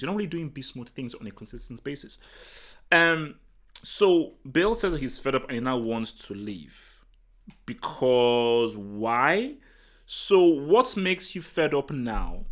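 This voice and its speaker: A man from Nigeria hosting a live football talk stream, chatting casually and answering the chat in an excitable, rambling way full of restarts. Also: medium pitch. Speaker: football talk show host. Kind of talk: casual livestream commentary, reading the chat.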